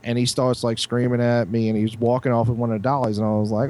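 A man co-hosting a podcast, telling a profane, animated story with lots of restarts. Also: mid-range voice, fast, hardly any pauses, a little hiss or hum. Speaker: podcast co-host. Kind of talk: casual storytelling chat.

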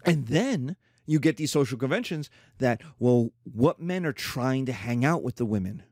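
A middle-aged man teaching a classroom lecture in an emphatic, animated way, slipping into playful mock voices. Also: medium pitch, normal speed, dry recording, clean studio sound. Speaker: history teacher.

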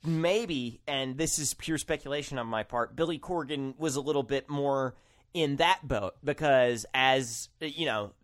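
A man's voice: medium pitch, measured pace, a bit bright. A man co-hosting a casual podcast chat, easygoing and hedging, often laughing. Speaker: podcast co-host.

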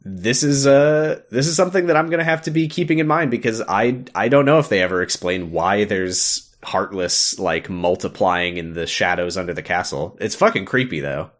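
Brief: man, lowish voice, easygoing podcast co-host, rambles and laughs while recapping a game. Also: normal speed, few pauses. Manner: rambling, with many fillers, laughs and acted-out quotes. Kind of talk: casual chat recapping a video game.

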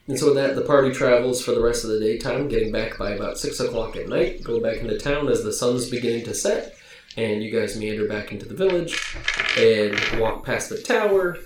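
A man narrating a tabletop game as game master, casual and a little halting. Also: on the low side, recorded from a distance, a little hiss or hum. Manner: casual, hesitant narration with fillers. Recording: roomy recording.

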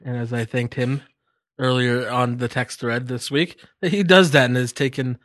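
A man co-hosting a casual podcast, telling animated, crude jokes. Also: medium pitch, moderate pace, no room sound, studio quality. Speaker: podcast co-host. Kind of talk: casual chat.

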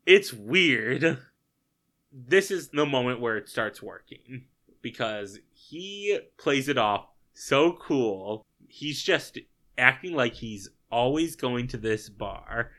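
Bright-voiced man recapping a movie. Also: medium pitch, slow pace. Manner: animated, incredulous, swears casually. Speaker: podcast co-host. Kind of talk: casual movie recap chat.

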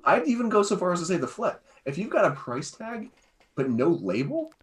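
Male podcast co-host, casual music talk, lively up-and-down delivery, rambling and jokey. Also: high-pitched, a little fast. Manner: rambling, self-interrupting, jokey. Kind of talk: casual music review chat.

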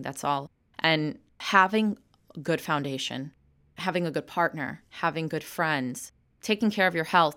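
A woman's voice: low-pitched, a bit bright. A woman speaking as an interview guest, reflective and earnest, laying out her points one by one. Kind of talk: candid interview talk.

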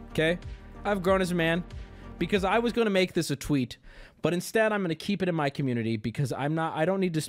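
A man's high, bright voice swings widely as he rants on stream. He is exasperated and profane but mocks himself too, and breaks into bursts of laughter. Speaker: livestreamer. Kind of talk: ranting stream monologue.

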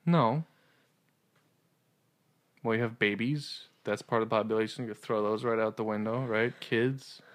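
A man co-hosting a casual podcast chat, rambling and laughing often as he gets excited. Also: on the low side, unhurried, pauses often. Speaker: podcast co-host. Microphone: studio podcast mic.

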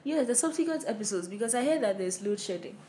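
A woman's voice: fairly high pitch, expressive, fast talker, dark tone. A young woman, co-hosting a casual podcast chat in a teasing, laughing way. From Ghana. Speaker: podcast co-host.

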